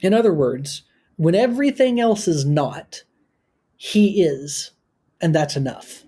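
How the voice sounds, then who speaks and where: Man, podcast guest, film discussion, mellow tone, slightly husky, articulate, analytical. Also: fairly high pitch, animated, slow pace. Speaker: guest film critic and author.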